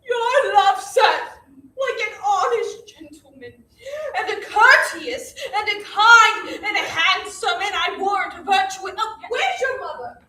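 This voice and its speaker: A woman's voice: very high voice, unhurried, pushed and bright, exaggerated voice. A woman playing a groaning, fussy old nurse. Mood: teasing. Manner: groaning, dramatic complaining. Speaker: amateur stage actor. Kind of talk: unrehearsed stage reading. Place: theater stage. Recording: echoey hall, distant mic, faint noise.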